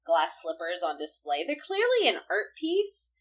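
Husky woman co-host, low-set voice that swings widely, casual recap chat. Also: measured pace. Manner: animated retelling, acting out characters' lines. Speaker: podcast co-host.

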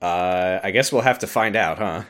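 A man hosting a podcast, recapping a game in an animated storytelling way. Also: low-pitched, moderate pace, smooth. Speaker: podcast host.

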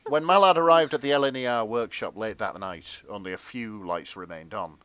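A man's voice: on the low side, brisk, fairly bright tone, clear, resonant tone, no echo. A man, a podcast host, narrating a fanfic aloud with wry asides.

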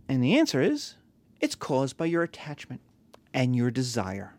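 Animated man lecturing a class. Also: mid-range voice, moderate pace, no room sound. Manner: animated, rhetorical questions, acts out quotes. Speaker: teacher.

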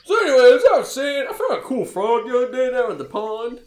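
A man voicing an eager, childlike, simple-minded young man who rambles excitedly and gets sidetracked. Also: very high-pitched, quick pace, voice pushed up. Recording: echoey room, faint background noise.

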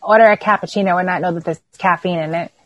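A woman's voice: fairly low pitch, steady tone, fast, dry recording, dull audio. A woman in a casual chat, making blunt, sarcastic remarks. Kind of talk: casual chat over a call.

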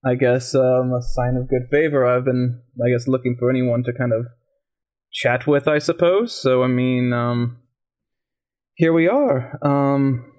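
A man playing a tabletop game, speaking in character in a halting way with many ums and restarts. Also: medium pitch, fairly even intonation, a little mellow. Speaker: player. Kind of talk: in-character role-play.

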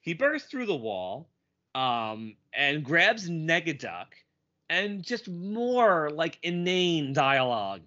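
Male podcast co-host, bright and a bit high, animated casual chat, dull lo-fi audio. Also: slow. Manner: animated, quips and reads lines aloud.

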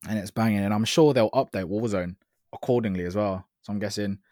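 A man's voice: lowish voice, brisk, darkish tone, no room sound, studio quality. A young man in casual, enthusiastic gaming chat, full of slang.

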